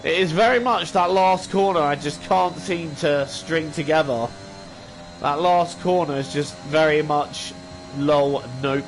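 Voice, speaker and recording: A man's voice: fairly high pitch, a little slow, a little hiss or hum. Man muttering over gameplay. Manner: self-critical muttering, exasperated outbursts. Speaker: gaming channel host. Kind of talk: casual gameplay commentary. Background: faint game music.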